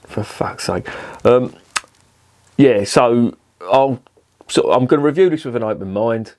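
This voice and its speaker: A man's voice: mid-range voice, unhurried, darkish tone. A man reviewing beer in a casual, rambling, sweary and jokey vlog. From southern England.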